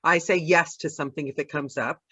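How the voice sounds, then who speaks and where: Bright, frank woman host. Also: low voice, fairly even intonation, brisk, husky, no echo. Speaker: podcast host. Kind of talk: casual interview chat.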